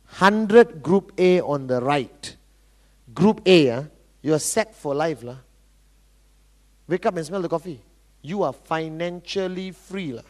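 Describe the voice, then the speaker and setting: Man, high voice, motivational speaker, rousing, quizzes audience. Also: darkish tone. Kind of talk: sales seminar talk.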